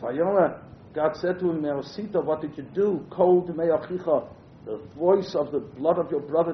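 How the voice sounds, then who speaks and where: A man with a somewhat high voice teaches a Torah class, reading verses and then explaining them in English with plenty of "uh" fillers. The sound is roomy and muffled, with a faint low rumble underneath. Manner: reads Hebrew verses then translates, frequent "uh" fillers. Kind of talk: text-based Torah class.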